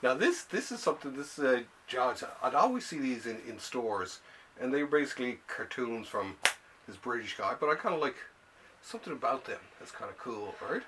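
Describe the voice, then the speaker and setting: A man's voice: mid-range voice, very animated, fairly quick, a bit bright, a little hiss or hum. A man hosting a casual show about comic books, rambling and often laughing as he talks. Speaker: show host. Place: home library room.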